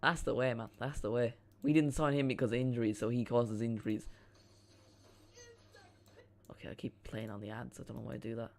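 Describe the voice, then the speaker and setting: A man's voice: medium pitch, steady tone, brisk, gravelly, pauses often. A man hosting a live football watchalong stream, chatting casually and rambling as he reacts to the chat and the match.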